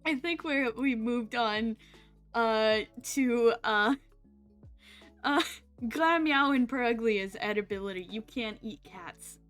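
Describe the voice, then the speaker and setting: A woman's voice: fairly high pitch, slow, fairly bright tone, soft background music. A woman streamer hosting a casual chat, bubbly and laughing a lot, with many fillers. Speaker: streamer host.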